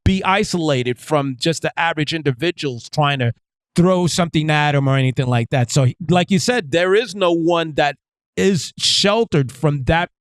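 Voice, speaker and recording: A man co-hosting a podcast, chatting casually about politics and agreeing often, who talks in a halting way with many restarts. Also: fairly high pitch, no echo. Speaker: podcast co-host.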